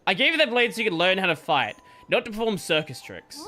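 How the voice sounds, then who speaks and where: A man's voice: sits high, sing-song, fast talker, bright, forceful tone, slight background noise, heavily acted. A man reading a stern martial mentor's game lines aloud in his own voice. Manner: reads game dialogue aloud.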